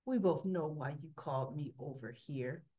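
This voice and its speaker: A stern woman sponsor who lays down the law bluntly, as a woman voices her while recapping. She speaks slowly and firmly. The audio is slightly muffled. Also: low voice, mellow, voice pushed down, lightly acted. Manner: firm, blunt.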